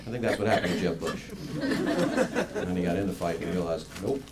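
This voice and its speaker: A man's voice: sits low, fast. A man doing a stand-up comedy set, chatty and laughing at his own jokes. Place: comedy club stage before a laughing crowd. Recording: echoey club, loud crowd and noise.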